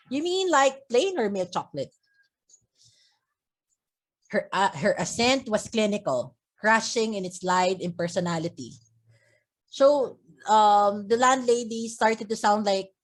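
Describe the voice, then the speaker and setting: A woman teacher talking through a poem in class, often checking in with "okay?" and repeating herself as she explains. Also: mid-range voice. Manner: checks understanding with frequent "okay?"; restarts and repeats words while explaining. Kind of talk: literature lesson explaining a poem.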